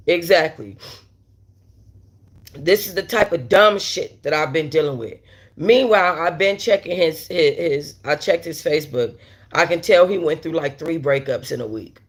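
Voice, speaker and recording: This livestream host speaks at normal speed in a low-pitched, slightly rough voice. Blunt and profane, she tells a story live, reads the chat, and turns to her viewers with frequent asides.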